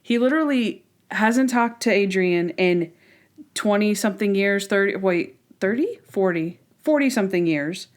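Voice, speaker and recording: A woman's voice: medium pitch, normal speed. Chatty woman podcast co-host. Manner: chatty, animated retellings of scenes. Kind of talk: casual chat.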